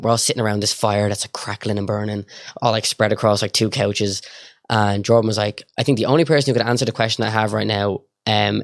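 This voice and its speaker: A young Irish man tells stories in a rush, packing his talk with "like" and acted-out lines of dialogue. His voice sits low and has a gravelly edge. The sound is dry and close, with no room behind it. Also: no room sound. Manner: rapid, filler-heavy storytelling full of quoted dialogue. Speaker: guest. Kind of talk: casual storytelling.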